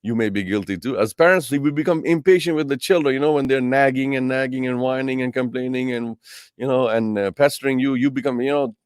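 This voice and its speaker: Animated male Quran teacher, dry sound. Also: medium pitch, fairly quick, no echo. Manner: animated, acts out quoted voices; addresses listeners as brothers and sisters. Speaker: Islamic teacher. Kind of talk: Quran tafseer lecture.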